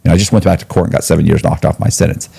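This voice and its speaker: A middle-aged man with a very low, mellow voice recounts a story in a casual interview. He rambles with slang, swears freely and restarts his sentences often. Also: fairly even intonation, racing, creaky, husky. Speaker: interview guest.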